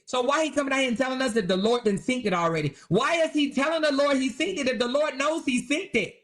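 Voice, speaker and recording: A woman's voice: high voice, fast, few pauses. A woman hosting a commentary livestream, talking in a blunt, sarcastic, profane way. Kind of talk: casual commentary.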